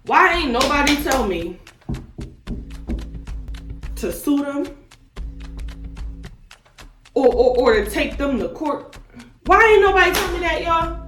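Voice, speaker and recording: A young woman vlogger telling a storytime in a slangy, animated, indignant way, firing off rhetorical questions. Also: high-pitched, unhurried, pauses often. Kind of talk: storytime vlog. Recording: echoey room, mic at a distance, faint music.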